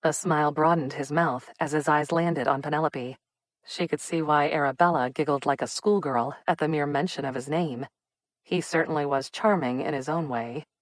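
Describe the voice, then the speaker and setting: A woman narrates an audiobook in a measured, even storytelling manner. Her voice sits low and calm. The recording is dry and close, with no room sound. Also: dry recording. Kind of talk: scripted narration.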